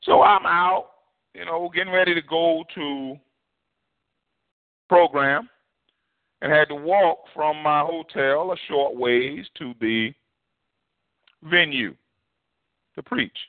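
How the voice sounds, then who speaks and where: Folksy male preacher telling a sermon story, swinging pitch widely; narrow, dry, lo-fi audio. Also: slow pace, creaky, pauses often, dry recording. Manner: animated, folksy, quotes others in lively voices. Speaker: preacher addressed as apostle. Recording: tinny phone-like dry sound.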